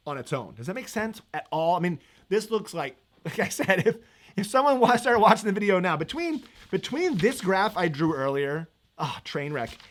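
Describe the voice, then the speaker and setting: A man's voice: a little high, fairly bright tone. A man teaching economics in a live-stream review, chatty and upbeat, laughing easily as he reads viewer comments.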